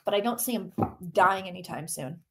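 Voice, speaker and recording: A woman reading tarot cards on a casual livestream, chatty and excitable, greeting viewers by name and swearing mildly. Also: fairly low pitch, normal speed.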